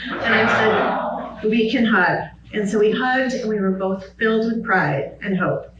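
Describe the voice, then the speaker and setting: A middle-aged woman, a former high school teacher, telling fond stories about a student at a memorial, often laughing as she speaks. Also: unhurried. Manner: warm storytelling with laughter. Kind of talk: memorial tribute speech. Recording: echoey, distant, muffled, noisy.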